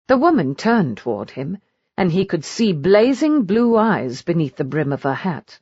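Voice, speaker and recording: Lowish-voiced woman narrating a romance. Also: big pitch swings, normal speed, darkish tone, husky, no echo, highs cut off. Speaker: audiobook narrator.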